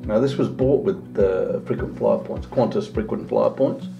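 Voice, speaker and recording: A man's voice: normal speed, vocal fry, mellow, lo-fi sound, soft background music. A man talking casually through a home vlog, unboxing a drone and chatting as he goes. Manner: chatty, talks to his dog in a high singsong voice. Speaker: vlogger.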